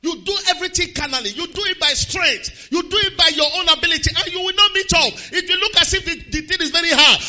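A man preaching a sermon, swinging from quiet asides to slow, shouted declarations. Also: extremely high pitch, dull audio. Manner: swings from quiet to shouted emphasis, slows hard on key lines.

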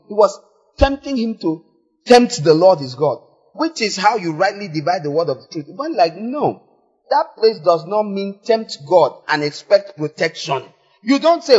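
A man preaching a sermon in a church, animated, moving from quiet asides to loud exclamations. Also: sits high, measured pace, slightly rough. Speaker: pastor. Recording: echoey hall, slightly dull sound.

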